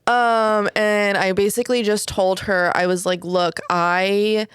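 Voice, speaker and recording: A woman's voice: medium pitch, fairly even intonation, unhurried, clear, resonant tone, no room sound, studio quality. A woman, telling a personal story in casual podcast chat, full of "like" and "whatever" and the odd swear. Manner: candid storytelling, frequent "like" and "whatever".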